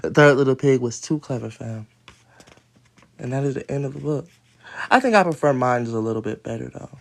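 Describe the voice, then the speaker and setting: Rambling, profane man on a phone livestream. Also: medium pitch. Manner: rambling, profane, laughing asides. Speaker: livestream host reading a storybook. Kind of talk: casual livestream read-aloud with commentary. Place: at home, moving from outdoors to his room.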